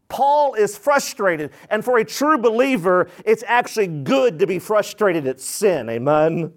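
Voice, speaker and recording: A man preaching a sermon as pastor, animated, asking the congregation rhetorical questions and acting out quoted voices. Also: sits high, measured pace, few pauses.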